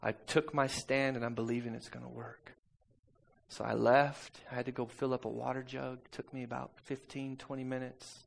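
Gravelly-voiced preacher man. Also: medium pitch, level tone, moderate pace. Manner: dynamic, swings from soft to loud. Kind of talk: sermon with personal story.

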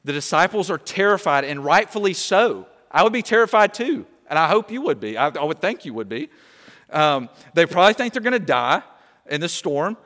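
A young man preaching a sermon, animated and conversational, often checking in with "okay?". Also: on the high side, brisk, big-room sound. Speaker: pastor.

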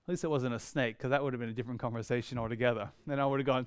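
A middle-aged man preaching a sermon, telling stories in an animated way with humorous asides. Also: medium pitch, very fast, clear, resonant tone, dry recording. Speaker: pastor.

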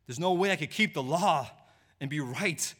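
A man preaching a sermon, dropping to a hushed, low delivery and rising to a pleading voice when he voices a sinner's confession. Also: expressive, moderate pace. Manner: swings from hushed low delivery to raised, pleading voice in quoted lines.

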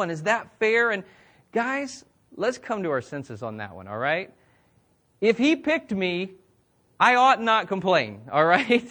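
High-voiced man preaching a casual sermon. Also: fairly bright tone. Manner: conversational, repeats words, asks the crowd questions. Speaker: pastor.

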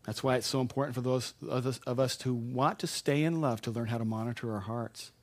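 A man's voice: medium pitch, steady tone, fairly quick. Conversational male pastor preaching. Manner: conversational, with self-corrections and sudden loud emphasis. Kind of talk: sermon.

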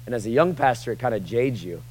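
A male pastor preaching a casual sermon in church, joking with the room and swinging from quiet asides to loud, emphatic lines. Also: mid-range voice, animated, fast, a little hiss or hum, low-quality recording.

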